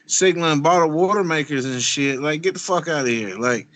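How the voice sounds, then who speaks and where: A man's voice: a little high, brisk, a bit bright, slight background noise. A man co-hosting a podcast, ranting in heated, slangy, profane talk. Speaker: podcast co-host. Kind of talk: casual podcast banter.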